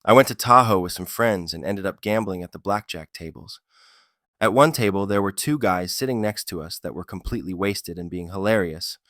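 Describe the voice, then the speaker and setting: Deep-voiced man telling funny stories. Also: a little fast, a bit bright, no echo, studio quality. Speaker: storyteller. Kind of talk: scripted narration.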